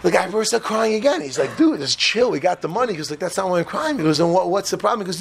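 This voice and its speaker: A man teaching a class to a room of listeners, telling a lively story, acting out voices and joking with the audience. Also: sits high, fast talker, vocal fry, hardly any pauses, slight background noise. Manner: animated, acts out voices, jokes with the room.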